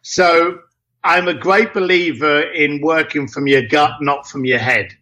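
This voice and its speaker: A man telling anecdotes in an interview, acting out dialogue in a lively way with casual slang and mild swearing. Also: on the high side, a little slow. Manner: lively, acts out both sides of dialogues. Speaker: interview guest. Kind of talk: anecdotal storytelling.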